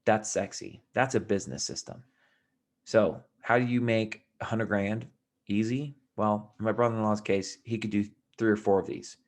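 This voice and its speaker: A man with a fairly low voice tells his story in a loose, rambling way, restarting his sentences and sinking into a quiet mutter. He sounds a bit tired as he talks straight to his viewers. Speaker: vlogger. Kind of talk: casual storytelling to camera.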